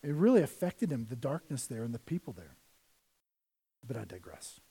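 A middle-aged man preaching a sermon as pastor, swinging between hushed asides and loud, emphatic scripture reading. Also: medium pitch, sing-song, normal speed, slightly rough.

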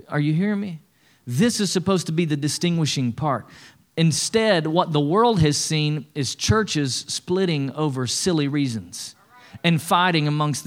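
Man, middle-aged pastor, preaching in a church, call-and-response, fairly high voice. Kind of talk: sermon. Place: church sanctuary stage.

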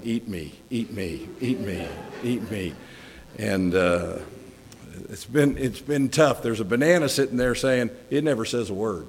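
A middle-aged man giving a conversational sermon as a guest preacher, folksy and joking with chuckling asides. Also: mid-range voice. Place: church sanctuary. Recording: long hall reverb.

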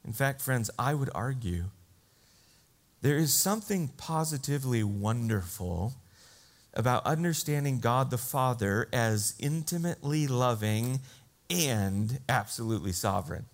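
A man preaching a sermon, slow and earnest, rising in emphasis on key phrases. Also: mid-range voice, animated. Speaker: pastor.

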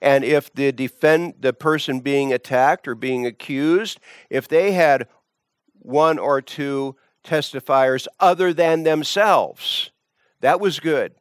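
A man's voice: a little high, slow, clean tone, no echo, clean studio sound. A man teaching from the Bible, emphatic, often repeating words and restarting phrases.

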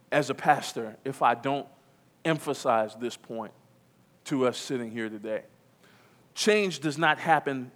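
A man's voice: mid-range voice, fairly bright tone. A pastor preaching a sermon to his congregation, with emphatic repetition and questions to the room. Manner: emphatic preaching, repeats key phrases, calls to the congregation. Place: church.

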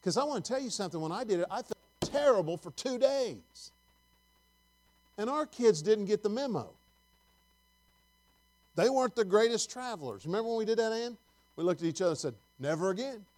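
A man's voice: high-pitched, expressive, brisk, long pauses, a little mellow. A middle-aged male preacher giving a conversational sermon, reading scripture and asking the congregation questions.

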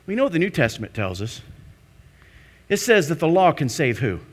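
A man preaching a sermon, questioning his listeners and answering himself, with swings between loud emphasis and hushed intensity. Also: fairly high pitch, sing-song, brisk. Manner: asks the congregation questions and answers them himself. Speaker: pastor.

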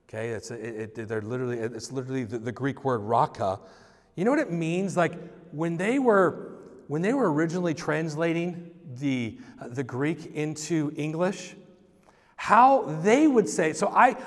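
A male pastor preaching a conversational sermon, informal, often restarting and repeating words. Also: on the high side. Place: church sanctuary. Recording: long reverb of a church hall.

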